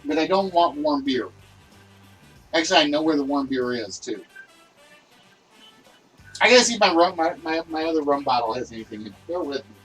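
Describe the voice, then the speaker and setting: A man hosting a livestreamed list game show, talking loudly and excitably and chatting with his viewers. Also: fairly high pitch, a little fast, pauses often, breathy edge, recorded from a distance, faint music behind, rough recording.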